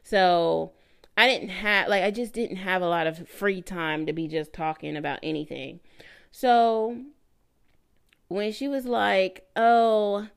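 Gravelly-voiced woman telling a story. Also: lowish voice, a little slow. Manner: animated, laughing, mimics voices in quoted lines. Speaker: podcast host. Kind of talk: casual storytelling.

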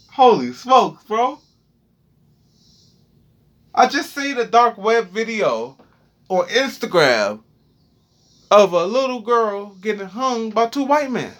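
A man's voice: high-pitched, very animated, slow pace, long pauses, fairly bright tone. A young man giving a heated, profane, preachy freestyle rant monologue.

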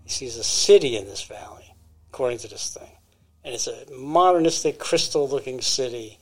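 A man's voice: medium pitch, animated, moderate pace. A man co-hosting a podcast, casually retelling a story with fillers and restarts. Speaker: podcast co-host.

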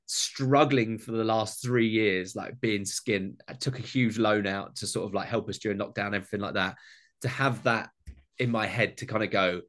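A young British man, a food content creator, talking in a relaxed way in a casual interview and swearing freely. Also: on the low side, normal speed. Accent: British English.

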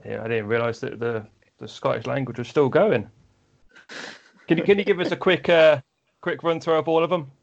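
A man's voice: mid-range voice, moderate pace, creaky, long pauses. A man hosting a sports podcast, putting fan questions to his guest in an easygoing, teasing way. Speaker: podcast host. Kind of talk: casual podcast interview. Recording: dull lo-fi audio.

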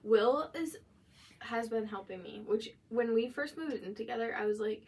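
A young woman co-hosting a podcast in casual chat, talkative and quick to laugh, with lots of fillers. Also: on the high side, a little mellow. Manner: chatty, laughs easily, many "like" fillers. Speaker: podcast co-host. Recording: voice a bit distant from the mic.

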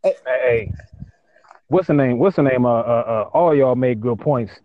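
A man's voice: mid-range voice, unhurried, dry recording, phone-quality sound. A man in a casual sports debate, emphatic and often repeating words as he starts a point. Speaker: panelist.

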